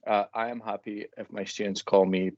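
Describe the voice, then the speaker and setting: Man, friendly lecturer guest, low-ish voice, dull lo-fi call audio. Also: a little fast, no room sound. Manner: relaxed, friendly, self-deprecating. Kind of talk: casual live discussion.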